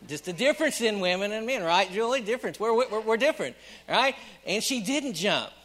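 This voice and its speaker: A middle-aged man preaching a sermon, repeating phrases for emphasis and swinging between loud and hushed delivery. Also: high voice, lively intonation, a little fast. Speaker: pastor.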